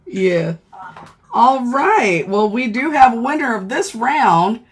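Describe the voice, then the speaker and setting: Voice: mid-range voice, expressive, takes it slowly, breathy edge. A live stream host running a contest, easygoing, checking in with "all right" and "okay".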